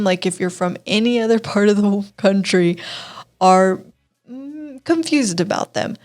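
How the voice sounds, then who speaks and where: A woman's voice: medium pitch, a little mellow. A woman from Texas hosts a casual entertainment web segment. Her voice sits in a middle register, and she talks in a loose, chatty way, laughing easily and making self-deprecating asides. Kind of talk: casual web show chat.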